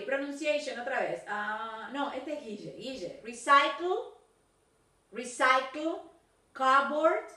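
A woman's voice: fairly high pitch, fairly bright tone. A woman with an Argentine Spanish accent teaching an English class, switching between Spanish and English as she corrects pronunciation. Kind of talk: recorded video class. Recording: roomy, from a distance.

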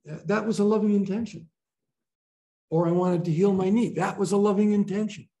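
A man teaching a group about breathwork in a gentle, playful way, often laughing as he talks. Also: high voice, steady tone, brisk. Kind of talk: informal group teaching talk. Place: training room with a group.

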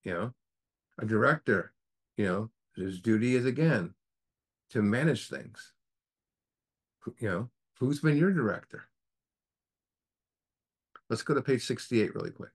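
A man's voice: medium pitch, expressive, a little slow, pauses often, slightly rough. A man leading a recovery group study, teaching earnestly in a preacher-like way and asking the group rhetorical questions.

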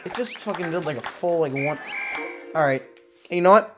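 A gamer giving casual, profanity-heavy commentary while playing, muttering to themself and breaking into loud frustrated outbursts. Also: medium pitch, lively intonation, moderate pace, over loud music. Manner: swears a lot, mutters to self between loud frustrated outbursts. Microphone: gaming mic.

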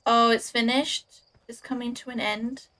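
With a level, sharp tone on the high side and a measured pace, this young woman gives casual gameplay commentary. As she streams, she chats with herself and her viewers and jokes about her own clumsy play.

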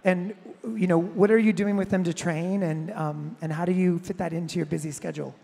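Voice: mid-range voice, fairly even intonation, a little fast, vocal fry, dark tone, breathy edge, long reverb tail. An interviewer asking long, curious questions in a live on-stage interview. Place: large event hall with audience.

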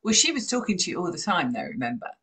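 Husky low-voiced woman podcast host. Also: big pitch swings, quick pace, pushed and bright. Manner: affirming, murmurs often. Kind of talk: casual interview chat.

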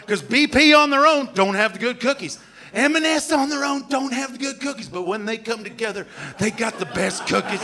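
A man from Canada doing live stand-up comedy, shouting and slipping into silly put-on voices and accents. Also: high-pitched, creaky.

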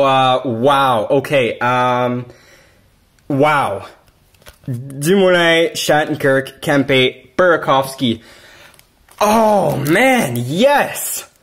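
A man narrating a card-opening session at home in a casual, excitable way, bursting into yelling over big pulls. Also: medium pitch. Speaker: card-collecting YouTuber.

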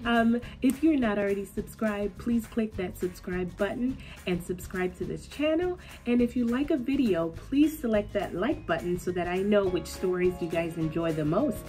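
A woman reading a children's picture book aloud, animated and laughing along with the story. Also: mid-range voice, moderate pace, hardly any pauses, soft background music.

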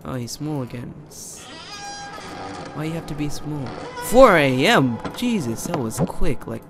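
Excitable young man yelling at a horror game. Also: on the high side, normal speed, background noise. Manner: excitable, talks to the game characters, yells when startled. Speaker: gamer. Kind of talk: let's play commentary.

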